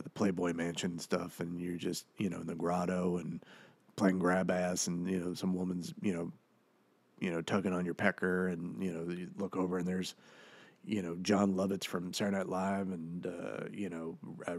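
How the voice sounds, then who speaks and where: Give me a man doing a foul-mouthed, gravelly ghost of an old actor. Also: deep voice, no echo, exaggerated voice. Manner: rambling, profane, full of "you know" fillers. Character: crude boastful ghost of a washed-up male actor. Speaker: comedian doing audio commentary. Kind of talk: comedic audio commentary impression.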